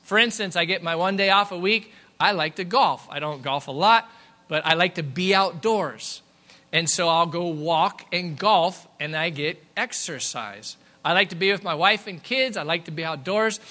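A middle-aged man preaching a sermon in a church, lively and conversational, with quick asides to the congregation. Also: sits high. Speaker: pastor. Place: church sanctuary.

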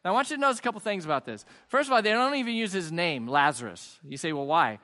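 A man delivers an online sermon in a chatty, joking and earnest way. His voice sits high and bright. A long reverb hangs behind him from the empty hall. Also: animated, fast. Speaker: pastor. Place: church hall with no audience.

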